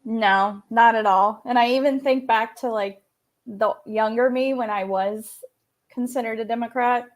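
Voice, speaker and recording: A woman's voice: fairly high pitch, fairly even intonation, unhurried. A woman co-hosting a casual political chat, speaking in a blunt, plainspoken way.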